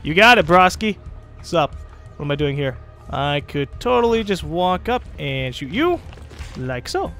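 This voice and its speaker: A man's voice: a little high, big pitch swings, unhurried, bright, forceful tone, faint music behind. A man giving casual commentary as he plays a video game, rambling, joking and swearing often. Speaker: let's play host.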